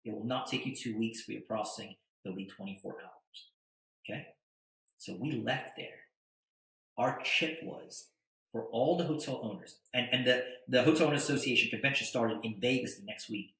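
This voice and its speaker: Animated male storyteller in an echoey room. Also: mid-range voice, moderate pace. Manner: animated storyteller, acts out quotes. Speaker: guest, attorney and entrepreneur. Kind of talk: storytelling in a podcast interview.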